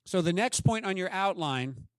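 A man's voice: high-pitched, expressive, normal speed, no room sound, studio quality. Emphatic male pastor preaching. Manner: asks the congregation questions, emphatic. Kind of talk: sermon.

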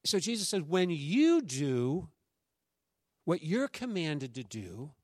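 A man preaches in a notably high voice, keeping it conversational and lively as he acts out what the people in his stories say. The sound is close and dry, with almost no room around it. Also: takes it slowly, no echo. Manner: animated, conversational preaching with acted-out quotes. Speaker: pastor. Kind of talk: sermon.

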